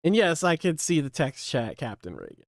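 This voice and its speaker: High-voiced man ranting bluntly. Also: huge pitch swings, normal speed, vocal fry, dry recording, studio quality. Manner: blunt, scolding, heavy swearing. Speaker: channel host. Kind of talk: profane ranting commentary.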